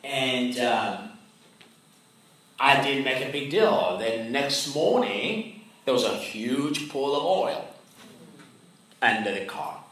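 A man's voice: medium pitch, expressive, takes it slowly, long pauses, a bit bright. A male pastor preaching a sermon, telling a personal story in a conversational way. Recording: very echoey hall, mic far off, faint noise.

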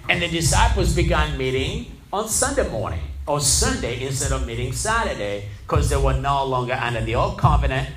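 A male pastor preaching a lively sermon, firing rhetorical questions and calling on the congregation to respond. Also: mid-range voice, normal speed, hardly any pauses, slight background noise. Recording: echoey hall, mic far off, music behind.

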